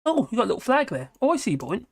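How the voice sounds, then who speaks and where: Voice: mid-range voice, big pitch swings, very fast, creaky, breathy edge. A live-stream host, chatting casually and reacting to viewer comments in a scattered, talkative way.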